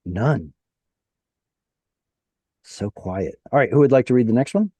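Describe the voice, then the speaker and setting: A man leads an online Hebrew reading lesson at an unhurried pace. His voice is mellow and dry, and he explains each point patiently, step by step, over a video call. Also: medium pitch, animated, slightly rough, no room sound. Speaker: Hebrew teacher. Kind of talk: online class teaching.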